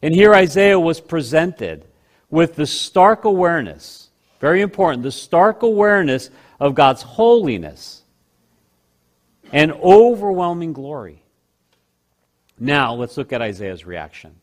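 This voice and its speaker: Preaching in a fairly high, sing-song voice, this man slows on the phrases he wants to stress. He moves back and forth between booming and hushed tones.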